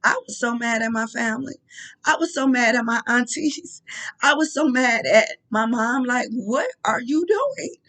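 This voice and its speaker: Soft-spoken woman with a fairly high voice. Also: fairly even intonation, rough recording. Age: adult. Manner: halting, soft-spoken, with frequent pauses and restarts; emotional and heartfelt. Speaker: vlogger. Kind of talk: personal reflective monologue.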